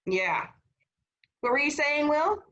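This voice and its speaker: A woman giving a casual, animated history seminar over a video call, checking in with her students. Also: high voice, takes it slowly, highs cut off. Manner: animated, conversational, asks rhetorical "right?". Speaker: history instructor.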